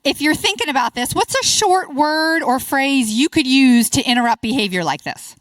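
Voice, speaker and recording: A middle-aged woman presenting at a conference workshop, upbeat and encouraging, quick to praise the audience's answers. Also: sits high, lively intonation, no room sound. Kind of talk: interactive workshop talk.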